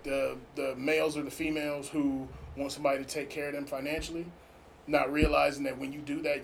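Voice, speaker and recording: A man co-hosting a casual podcast hands out blunt, profane, preachy relationship advice, breaking into sudden loud laughs. His voice is a little high and gravelly, and the poor audio carries some hiss or hum.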